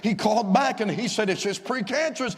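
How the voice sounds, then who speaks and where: A man, a visiting evangelist, telling a story in a fervent revival sermon that rises to shouts of praise, recorded in a church. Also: high voice, brisk. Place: church sanctuary. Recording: long church-hall reverb.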